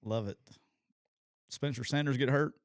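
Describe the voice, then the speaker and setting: A man's voice: medium pitch, unhurried, dry recording, clean studio sound. A man co-hosting a casual sports talk show, easygoing and teasing his partner. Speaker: podcast co-host.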